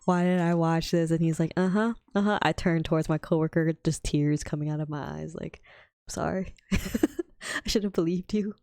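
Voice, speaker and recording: Smooth-voiced woman telling stories, swearing. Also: sits low, normal speed, dry recording, studio quality. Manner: swears a lot, animated storytelling. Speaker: podcast co-host. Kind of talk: casual chat.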